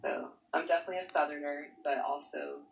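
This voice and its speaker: A woman's voice: deep voice, fairly even intonation, quick pace, creaky, dull audio, a little hiss or hum. A young woman from Canada, a guest on a podcast, chatting in an easygoing way and laughing often. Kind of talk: casual podcast chat.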